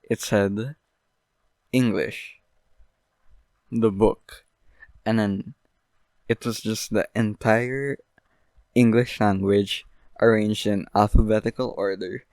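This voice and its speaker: Young man, podcast host, rambling deadpan comedy, lowish voice, dry close sound. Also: unhurried, dry recording. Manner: deadpan absurd, rambling with many fillers.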